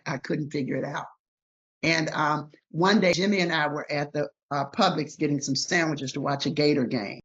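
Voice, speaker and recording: Older woman guest, husky and animated, recounting memories on a muffled recording. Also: sits low. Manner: emphatic, animated retelling with voiced quotes. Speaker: interview guest. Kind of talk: storytelling in conversation.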